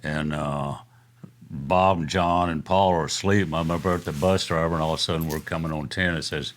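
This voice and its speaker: Speaking at normal speed with a very deep voice and fairly even intonation, this older guest musician chuckles his way through rambling, filler-laden stories. The interview has a relaxed, storytelling feel.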